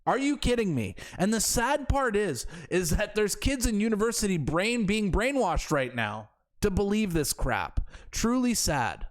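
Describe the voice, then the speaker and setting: A man's voice: high voice, sing-song, unhurried, hardly any pauses. A man hosting political commentary in a sarcastic, incredulous manner. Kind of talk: opinionated commentary.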